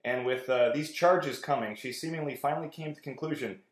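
A man's voice: mid-range voice, brisk, roomy sound. A man co-hosting a casual comedy sports podcast, reading out news items with a dry, wry delivery. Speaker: podcast co-host.

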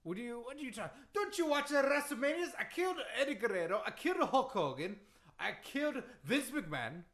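A man's voice: very high-pitched, very animated, fairly quick, a bit bright, exaggerated voice. A man doing an impression of a boastful older male wrestler who speaks broken English and talks crudely, as a comedy bit. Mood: indignant.

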